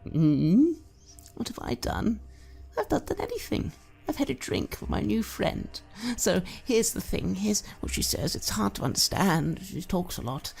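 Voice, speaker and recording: A woman's voice: medium pitch, sing-song, a little slow, gravelly, a little mellow, voice pushed up. A woman voicing a tipsy, doting, sinister mother who coos, stammers and drops into whispers. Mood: wheedling.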